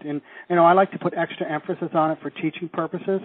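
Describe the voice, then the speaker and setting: A man leading a teleseminar, coaching listeners through phrases and slowing down to stress key words. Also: fairly high pitch, fairly even intonation, husky. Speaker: seminar leader. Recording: tinny phone line.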